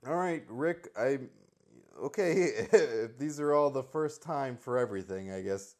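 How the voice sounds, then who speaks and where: Hesitant, deadpan man interviewer. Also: unhurried. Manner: low-key, hesitant, exasperated deadpan. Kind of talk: comedy interview sketch.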